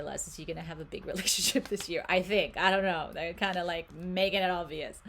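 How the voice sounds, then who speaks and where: A lower-pitched woman talking through a tarot reading in a loose, conversational way. She is animated and laughs easily, and she stumbles and restarts as she goes. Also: brisk, hardly any pauses. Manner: chatty and animated, laughing, many fillers and self-corrections. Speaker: tarot card reader. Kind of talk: casual live reading for a viewer.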